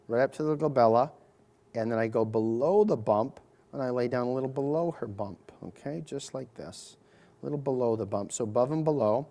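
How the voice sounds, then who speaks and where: A man's voice: mid-range voice, brisk, mellow. A middle-aged man, a surgeon, narrating a live procedure demonstration to an audience, explaining each step with chatty, joking asides.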